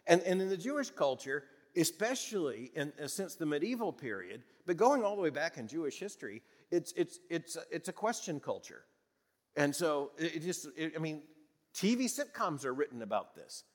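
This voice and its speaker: A man's voice: a little high, very animated, normal speed, in a large hall. A man in his sixties from the American South, preaching a sermon in a conversational, folksy way with chuckles and restarts. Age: 60s. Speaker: pastor.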